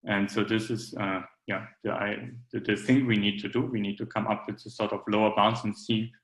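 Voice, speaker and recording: Male academic speaker, low monotone delivery, hesitant, roomy lecture-hall sound. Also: brisk. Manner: hesitant, many fillers and restarts. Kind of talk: conference talk.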